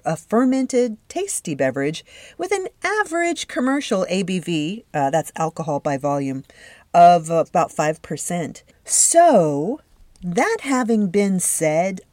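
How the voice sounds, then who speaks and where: Woman podcast host, low-ish voice, chatty and eager, close dry mic. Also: a little mellow, no room sound. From Southern California. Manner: chatty, enthusiastic storytelling with fillers. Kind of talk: casual solo podcast monologue.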